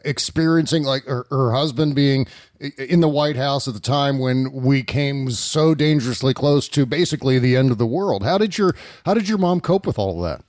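A man hosting an interview, asking questions in a halting way with many restarts. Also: mid-range voice, darkish tone, no echo, studio quality. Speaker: podcast host. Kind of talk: conversational interview.

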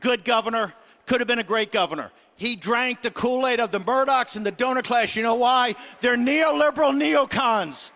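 A middle-aged man hosting a political talk show, ranting combatively and shouting in bursts. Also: extremely high pitch, moderate pace. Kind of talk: fiery political rant.

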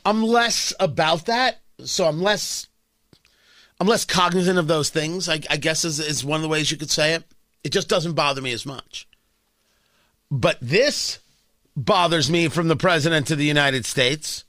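Male podcast host, high-pitched, blunt opinionated commentary, dry close studio sound. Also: moderate pace, sharp tone, no room sound. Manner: blunt, with frequent restarts.

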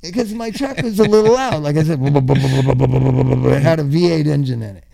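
An older man telling a long, funny story in a casual chat, swearing freely, laughing often and acting out his own yelling. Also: fairly high pitch, lively intonation, normal speed, gravelly.

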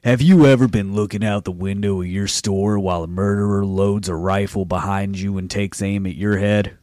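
Animated, swearing podcast co-host, a man. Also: fairly low pitch, moderate pace, dry recording, studio quality. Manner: animated and profane, retelling scenes with emphasis. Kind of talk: casual chat.

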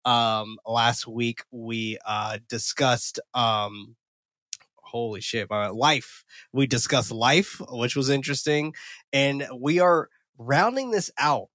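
A man hosts a horror movie podcast in a loose, energetic chat, swearing and laughing freely. His voice sits at a middling pitch. The recording is dry and close. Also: takes it slowly, no echo. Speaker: podcast host.

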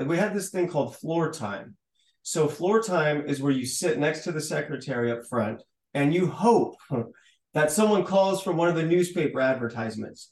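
Guest storyteller, male, a touch high-pitched, acts out every exchange, roomy sound. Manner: animated storyteller who acts out dialogue, with stammered restarts. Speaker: podcast guest. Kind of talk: storytelling in a conversational interview. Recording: roomy, echoey room sound.

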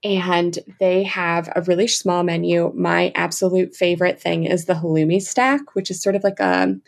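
A young adult woman chatting as an enthusiastic travel guest, full of fillers and quick asides. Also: on the low side, expressive, gravelly. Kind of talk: casual interview chat.

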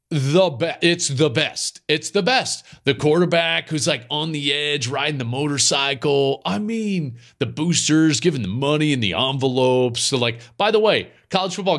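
A man in his forties hosts a podcast in a casual, emphatic monologue. His mid-pitched voice swings up and down with lively animation, and his speech is loose and full of "like" fillers. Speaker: podcast host.

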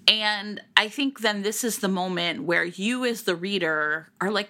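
A woman co-hosting a podcast, chatting casually about a book in an animated, rambling way with lots of fillers. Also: medium pitch, unhurried. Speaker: podcast co-host. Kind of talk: casual book-discussion chat.

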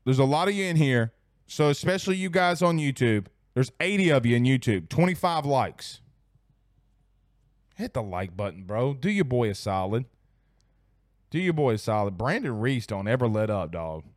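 A man's voice: medium pitch, big pitch swings, moderate pace, dry recording, studio quality. A young man hosting a late-night sports talk stream, reading viewer comments in a laid-back, slangy way and repeating his phrases. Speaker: sports show host. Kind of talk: casual live-stream chat reading comments. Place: at home at night.

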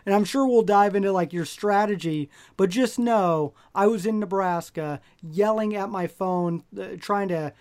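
A woman co-hosting a casual podcast, animated, acting out her own reactions as she talks. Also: medium pitch, measured pace, few pauses. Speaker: podcast co-host.

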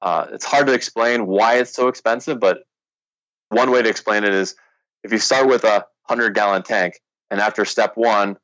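Man, low voice, rambling and loose, dull dry recording. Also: fairly even intonation, normal speed, fairly bright tone, dry recording. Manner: rambling, many fillers. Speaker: founder of a sports drink company. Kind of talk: casual interview storytelling.

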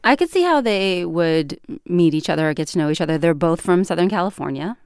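A woman's voice: on the low side, lively intonation, a little fast, darkish tone, smooth, dry recording. A woman co-hosting a podcast from a studio, adding dry, wry quips in casual chat. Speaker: podcast co-host. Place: recording studio.

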